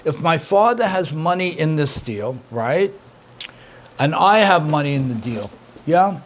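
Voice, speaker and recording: A man's voice: on the high side, big pitch swings, a little slow, background noise. A middle-aged man, a rabbi teaching an interactive class, who repeats his points and praises his students' answers.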